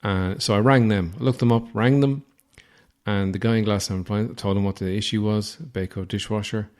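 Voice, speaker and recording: A man's voice: fairly low pitch, steady tone, normal speed, darkish tone. An Irish man hosting a podcast, telling a comic story in a rambling, self-deprecating, crude manner. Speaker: podcast host.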